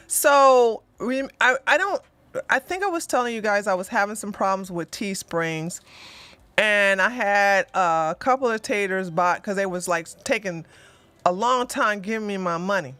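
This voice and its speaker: A bright-voiced woman, talking to her viewers in a loose, rambling way. Her delivery swings between a slow, low drawl and sudden high, lively outbursts. The sound is dry and close, with almost no room. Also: no echo. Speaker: channel host. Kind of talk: rambling casual livestream chat.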